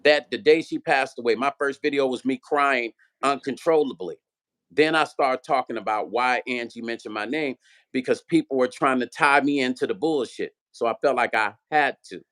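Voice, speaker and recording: Animated man telling a heated story. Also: medium pitch, moderate pace. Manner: animated storyteller, acts out quoted dialogue, profane. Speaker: vlog host, musician. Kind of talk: storytelling chat.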